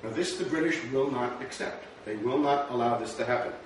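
Speaking fairly quickly at medium pitch, a man gives a conversational, rhetorical history lecture peppered with "right?" check-ins. The lecture-room recording is very echoey, with a distant mic and a faint noise floor.

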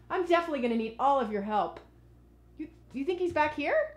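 A woman teacher leading a children's lesson with a puppet and a storybook, animated and sing-song. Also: high voice, normal speed.

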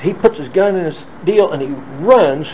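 Sex: man. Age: 50s. Role: interviewee. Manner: lively storyteller who acts out quotes. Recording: narrow phone-like sound with faint hiss. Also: high-pitched, normal speed. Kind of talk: oral history storytelling.

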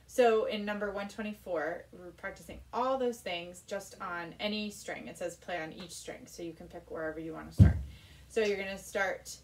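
A woman's voice: medium pitch, moderate pace, a little hiss or hum. A woman giving a music lesson, explaining patiently in a casual teaching manner. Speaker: cello teacher. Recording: from a distance with cello playing.

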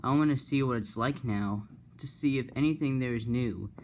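A man's voice: mid-range voice, moderate pace, darkish tone, a little hiss or hum, lightly acted. A man voicing a brave little male blue tank engine who talks eagerly and with determination.

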